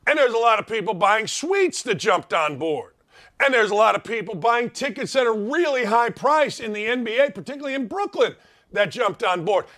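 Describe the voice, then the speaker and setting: A middle-aged man rants through an opinionated sports talk monologue, his voice sitting high for a man. He swings widely in pitch and fires off rhetorical questions with emphatic conviction. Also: fairly bright tone. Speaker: sports talk show host.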